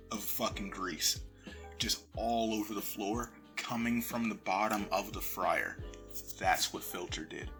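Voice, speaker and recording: A man's voice: on the low side, a bit bright. A young man casually telling a rambling, profane story about his past, laughing often, recorded on a phone. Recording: phone recording with crackles and faint music.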